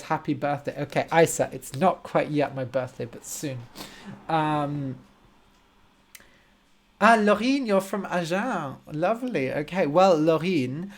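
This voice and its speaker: Guy doing a live english lesson, talks real slow and clear, says hi to viewers. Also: on the high side. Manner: slow, clear, simplified speech for learners; greets viewers by name and explains words. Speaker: language teacher hosting a live stream. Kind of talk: casual live-stream chat with viewers.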